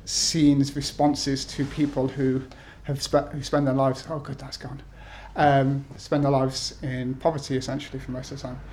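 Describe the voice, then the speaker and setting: A man's voice: medium pitch, monotone, moderate pace, hardly any pauses, a little mellow, a little hiss or hum. A man in his thirties from the UK, an author talking to an event audience with many ums and restarts, then reading his essays aloud. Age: 30s.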